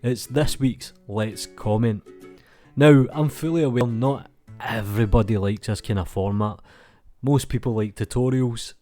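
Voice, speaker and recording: Faint music plays behind a young adult man with a Scottish accent as he goes through viewer comments on his channel, laid-back and rambling. His medium-pitched voice is warm and a little slow, captured on a desk mic without a pop filter.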